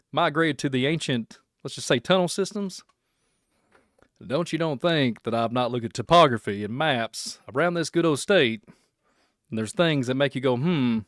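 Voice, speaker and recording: A man's voice: mid-range voice, no echo, clean studio sound. A man from Kentucky with a Kentucky accent, hosting a casual livestream podcast in a rambling, speculative, joking way. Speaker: podcast host.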